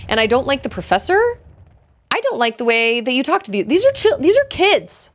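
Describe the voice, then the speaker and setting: A young adult woman streaming a video game, chatting in an animated, indignant way. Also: high voice, brisk. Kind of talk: live game stream commentary.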